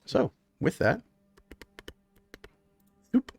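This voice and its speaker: A man narrating a tabletop game as game master in a relaxed, filler-heavy way. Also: extremely slow, dry recording, clean studio sound.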